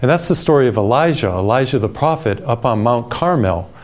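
Soft-spoken guy preaching on tv, calm and soothing, tells little stories. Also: medium pitch, a little fast. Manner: storytelling with personal anecdotes. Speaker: television preacher. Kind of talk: gentle televised sermon.

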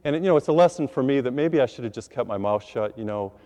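A male priest tells a story from the pulpit in a mid-pitched voice, animated and poking fun at himself as he acts out his own lines. The sound hangs in a long reverb. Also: fast. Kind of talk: storytelling sermon.

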